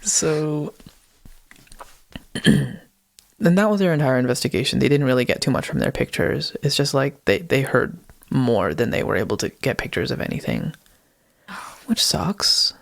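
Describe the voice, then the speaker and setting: Young podcast guy rambling through a recap, gravelly voice, dry close mic. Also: medium pitch, animated, moderate pace, pauses often, dry recording. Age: young adult. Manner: rambling, heavy use of "like" and "um". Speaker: podcast co-host. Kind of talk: casual recap storytelling.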